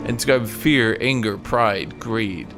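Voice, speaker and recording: A man's voice: fairly low pitch, slow. A man streaming a game, talking casually in a rambling, profane, sarcastic way. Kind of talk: casual gameplay commentary. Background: game music.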